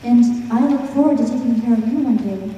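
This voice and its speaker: A woman's voice: fairly high pitch, fairly quick, dark tone, muffled recording, a little hiss or hum, natural voice. A woman voicing an earnest, polite young male hero who speaks in a solemn, formal way. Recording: echoey hall from far off.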